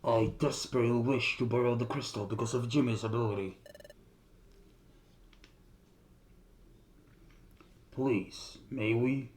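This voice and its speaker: A man's voice: medium pitch, fairly even intonation, a little fast, a little mellow, natural voice. A man reading a game character's lines aloud, speaking in a polite, formal, pleading manner.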